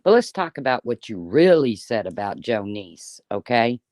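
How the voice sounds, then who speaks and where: A woman's voice: rumbling low, big pitch swings, normal speed, a little mellow, dry recording, studio quality. A woman in her fifties giving an angry, profane, sarcastic rant on a live stream. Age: 50s. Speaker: YouTuber.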